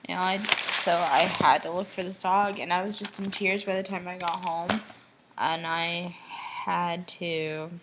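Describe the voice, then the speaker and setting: A woman's voice: fairly low pitch, fairly even intonation, measured pace, background noise. A young woman from Michigan talking in a personal video diary, emotional and rambling, often restarting her sentences. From Michigan, USA. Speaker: vlogger.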